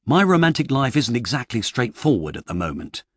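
A man voicing a flustered writer who talks in a fussy, rambling, exasperated way, pitched up from his reading voice, in an audiobook. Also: big pitch swings, brisk, no room sound, clean studio sound. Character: flustered middle-aged male fantasy writer.

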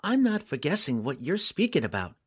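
A man voicing a fierce, defiant young girl in an audiobook, with a high, strained, scornful voice. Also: huge pitch swings, fairly quick, husky, exaggerated voice. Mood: evasive. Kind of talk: audiobook character voice.

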